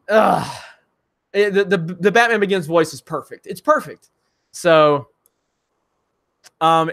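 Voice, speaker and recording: A man hosts a casual live stream, reading viewers' super chats aloud, laughing often and talking loosely with lots of fillers. His voice is fairly high-pitched and a bit bright.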